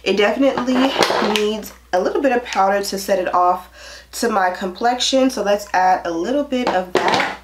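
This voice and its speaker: A congested woman with a cold, chatting casually as a beauty vlogger through a wig tutorial, with relaxed asides. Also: mid-range voice, moderate pace, heavy background noise.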